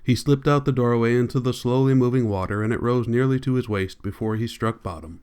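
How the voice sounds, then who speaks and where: A man reading a novel aloud as an audiobook narrator, in a plain, unhurried manner, lightly voicing the characters' lines. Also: medium pitch, darkish tone, clean tone. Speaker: audiobook reader.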